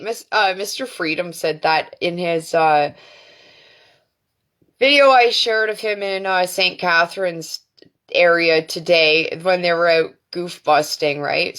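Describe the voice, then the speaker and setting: Fairly low-pitched yet fairly bright, a Canadian livestream host vents in a defiant, profanity-laced tirade sprinkled with filler words. The audio comes through a phone or webcam on the stream.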